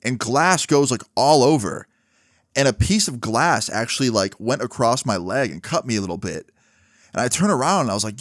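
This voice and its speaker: A man's voice: mid-range voice, animated, normal speed, dry recording, studio quality. A young man telling a personal story casually, dropping "like" and "right?" often. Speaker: vlogger. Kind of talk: storytime monologue.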